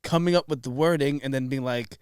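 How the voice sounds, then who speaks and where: A man's voice: medium pitch, fairly quick, a loud crowd. A man co-hosting a podcast who asks curious, thoughtful questions in a casual chat. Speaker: podcast co-host.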